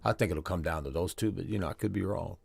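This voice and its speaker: A man's voice: low-pitched, fast talker, vocal fry, a crowd in the background. A man who is a guest on a radio sports show, talking in an easygoing way and laughing readily.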